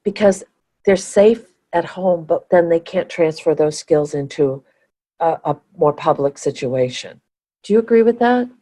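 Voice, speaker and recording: A woman co-hosting a podcast, talking in an earnest way and often pausing to find her words. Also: on the low side, lively intonation, warm tone, poor audio. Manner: earnest, restarts and searches for words. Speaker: podcast co-host. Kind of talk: conversational podcast chat.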